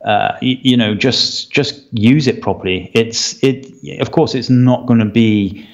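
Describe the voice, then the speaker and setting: A man's voice: mid-range voice, measured pace, muffled recording. A man co-hosting a photography podcast, explaining at length in casual chat with plenty of fillers and a firm opinion. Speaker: podcast co-host.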